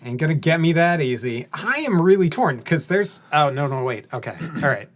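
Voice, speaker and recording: A man co-hosting a stream, thinking aloud as he plays a card game and narrating each move deliberately in casual chat. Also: a little high, big pitch swings. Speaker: co-host and card game player.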